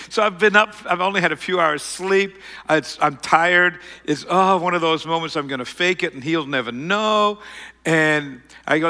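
A middle-aged man telling a self-mocking personal story to an audience, rambling and animated. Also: a little high, moderate pace, in a large hall.

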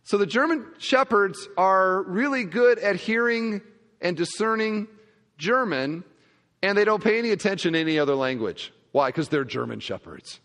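Storytelling pastor in a reverberant hall. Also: male voice, high-pitched, moderate pace. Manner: humorous, conversational, animated storytelling. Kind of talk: sermon with storytelling.

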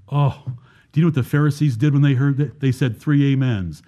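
A man's voice: medium pitch, brisk, warm tone. A man preaching a Baptist sermon, asking the congregation rhetorical questions and explaining scripture verse by verse.

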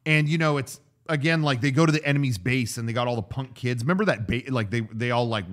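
A man's voice: mid-range voice, quick pace. A man co-hosting a casual movie-review podcast, rambling with many fillers and restarts. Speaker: podcast co-host.

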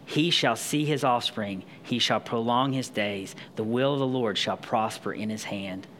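A pastor with a middle-pitched, fairly bright voice alternates between reading scripture aloud and explaining it in a casual, emphatic way, restarting quickly at times. A faint noise runs beneath his speech.

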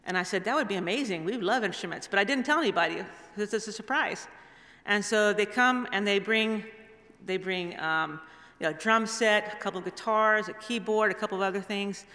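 A woman speaks as a guest preacher in a church hall, her voice bright and forceful. She tells her stories in a loose, rambling way, circling back with restarts and asides. A long reverb trails each phrase. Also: mid-range voice, normal speed, hardly any pauses. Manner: rambling, warm storytelling with restarts. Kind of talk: storytelling sermon.

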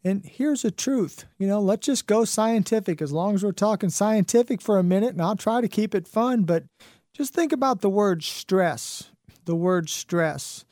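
A man's voice: sits high, animated, moderate pace, dark tone, no echo, clean studio sound. A middle-aged man hosting a health and wellness radio talk show, folksy and preachy, full of rhetorical questions.

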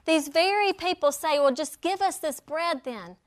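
A woman teaching a Bible lesson, acting out the quoted lines with lively storytelling. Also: high-pitched, normal speed. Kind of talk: sermon.

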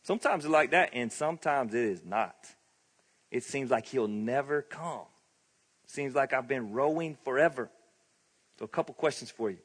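Conversational preacher in a reverberant hall. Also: male voice, medium pitch, normal speed, husky. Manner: conversational, animated storytelling with laughs. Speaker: pastor. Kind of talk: sermon. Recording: long reverb of a large hall.

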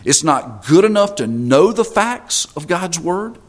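A man's voice: high-pitched, big pitch swings, measured pace. A man preaching a sermon as pastor, emphatic, repeating phrases for stress.

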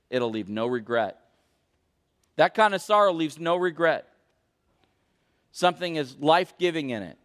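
A man preaching a sermon as pastor, questioning the congregation and swinging between loud emphasis and hushed intensity. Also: mid-range voice. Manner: questions the congregation and calls for answers. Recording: long reverb of a large hall.

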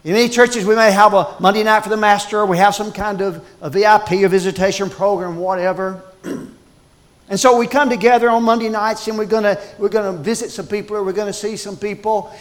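A man preaching a sermon, emphatic and dramatic, swinging between loud and hushed. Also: high voice, fairly even intonation, a little fast.

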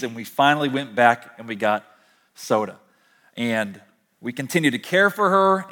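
A young man preaching a sermon from a stage, telling stories in a conversational way with slow, emphatic pauses. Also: medium pitch, a bit bright, in a large hall. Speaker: pastor. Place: large hall, speaking from a stage.

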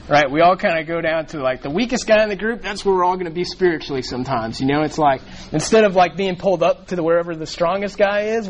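A man's voice: high-pitched, lo-fi sound. A man leading a casual bible study, talking in a rambling way with many restarts and fillers.

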